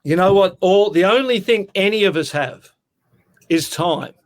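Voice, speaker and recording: A man's voice: high voice, a little slow. A sixty-year-old Australian man telling stories in a casual interview, talking in an earnest, heartfelt way and often calling the listener mate. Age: 60s. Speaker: guest.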